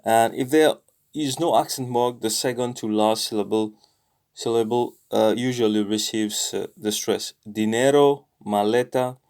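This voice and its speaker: A man going through a language lesson on his own, thinking aloud with many fillers and slowly repeating practice phrases. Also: fairly low pitch, steady tone, darkish tone. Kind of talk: casual self-study commentary.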